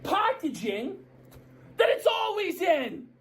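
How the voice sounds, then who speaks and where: A woman ranting in a commentary video, shouting in profane mock outrage. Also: extremely high pitch, sing-song, slow pace, slight background noise.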